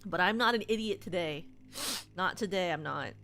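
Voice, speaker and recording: A woman's voice: fairly low pitch, moderate pace, fairly bright tone. A young woman streaming a horror game, chatting to herself in a self-mocking, rambling way. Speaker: gaming streamer. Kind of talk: casual let's-play chat.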